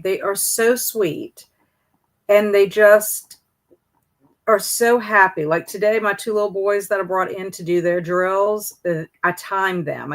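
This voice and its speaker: Chatty woman host, low voice. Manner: chatty, reads out viewer comments. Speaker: host of a livestream. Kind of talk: casual livestream chat.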